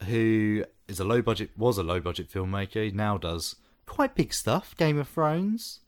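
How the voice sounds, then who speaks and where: Brief: male podcast co-host, wry, animated pitch, casual banter. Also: normal speed. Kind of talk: casual film review chat.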